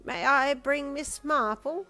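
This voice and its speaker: A woman voicing a cheerful, frail old man of almost ninety who warbles his words slowly and cracks jokes. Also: sits high, pushed and bright, faint music behind, pitched above the performer's own voice, exaggerated voice. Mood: eager. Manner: warbling, jokey, slow drawl. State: short of breath.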